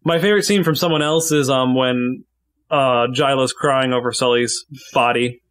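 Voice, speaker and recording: A man's voice: mid-range voice, fairly even intonation, moderate pace, a bit bright. A man chatting casually on a podcast about favorite moments from a tabletop game, rambling with many fillers.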